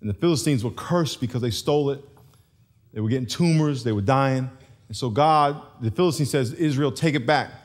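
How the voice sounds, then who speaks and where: A man preaching a sermon as pastor, animated and storytelling, chuckling often. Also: medium pitch, fairly quick. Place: large church.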